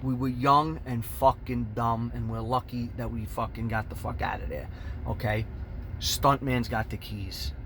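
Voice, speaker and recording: A man telling a profane fight story, animated and swearing constantly, shouting out the punches. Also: mid-range voice, unhurried, a little hiss or hum.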